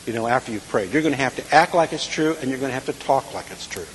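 A man's voice: medium pitch, lively intonation, quick pace. A man preaching a sermon, talking plainly and checking in with his listeners as he goes. His voice carries a long echo from the hall around him. A faint hiss sits under it. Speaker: Bible teacher.

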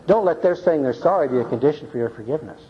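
A man's voice: fairly high pitch, expressive, rapid-fire. An older man leading a church Bible class in a folksy, earnest way, often checking in with "see?" and "okay?". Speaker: Bible study teacher. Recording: muffled lo-fi recording.

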